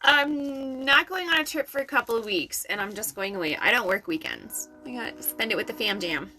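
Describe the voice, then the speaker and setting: A woman doing intuitive readings for viewers on a live stream, in an affirming, chatty way with soft laughs. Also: on the high side, brisk, faint music behind. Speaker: intuitive reader.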